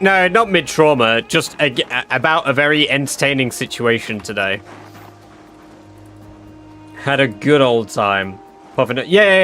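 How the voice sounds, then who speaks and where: A man chatting on a game stream, telling a story in an animated, swearing manner. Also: mid-range voice. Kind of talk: casual livestream chat. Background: game music.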